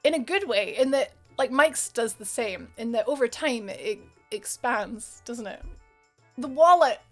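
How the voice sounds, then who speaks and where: A woman's voice: on the high side, animated, unhurried, faint music behind. A young Scottish woman streaming a game live, chatting and laughing with her viewers. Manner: chatty, giggly, reads chat aloud. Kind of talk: live gameplay stream chat.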